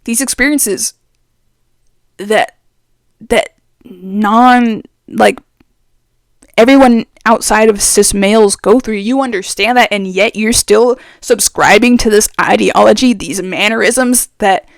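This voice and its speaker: Young trans man, fairly high voice, gravelly fry, rambling casual vlog chat. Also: slow pace, no room sound. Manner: rambling, expressive, voice going up and down. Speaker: vlogger. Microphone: very close to the mic.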